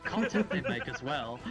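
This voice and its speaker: A man on a stream's voice chat speaks slowly and rambles playfully. His pitch swings a lot as he talks. Music is clearly heard behind him. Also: muffled recording. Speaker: stream guest. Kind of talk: casual voice-chat.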